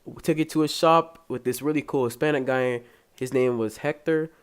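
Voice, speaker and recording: A man's voice: medium pitch, steady tone, normal speed, clear, resonant tone. Rambling young man hosting a solo podcast. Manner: rambling, joking, casually profane. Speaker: podcast host. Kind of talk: casual solo podcast chat.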